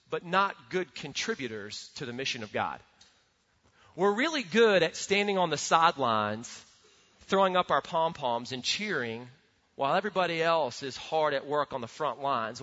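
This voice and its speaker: A man preaching a sermon as a pastor, earnest and animated, often repeating words as he builds a point. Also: a little high. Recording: dull sound with long hall reverb.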